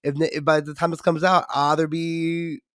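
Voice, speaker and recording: A man's voice: on the high side, little pitch movement, normal speed, over a noisy crowd. A man co-hosting a podcast, nasal from a cold, chatting in laughing, camp, gossipy banter. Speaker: podcast co-host. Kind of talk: casual chat.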